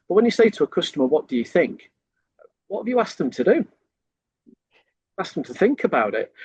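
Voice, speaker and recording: A man's voice: mid-range voice, no room sound, muffled recording. A man, a sales trainer, explaining in a podcast conversation and acting out lines a customer might hear.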